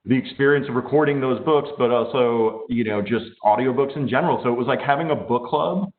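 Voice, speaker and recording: A man recounts a work story in a relaxed, chatty way. His voice is mid-pitched. The call audio is narrow and tinny. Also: brisk. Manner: easygoing, anecdotal. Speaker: audiobook producer. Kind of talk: casual storytelling on a video call.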